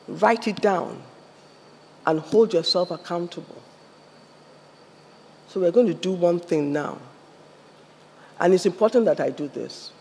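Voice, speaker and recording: A man's voice: sits high, a little mellow. A man with a Nigerian English accent giving a fiery motivational address at a conference, firing questions at the audience. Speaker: conference speaker. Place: large event hall. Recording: long hall reverb, faint ambience.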